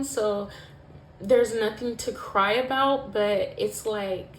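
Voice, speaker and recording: A woman's voice: mid-range voice, slow pace. A woman giving a pick-a-pile tarot reading to her viewers, emotional and emphatic, swearing often and filling her talk with "like". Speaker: tarot reader. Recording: echoey room with faint noise.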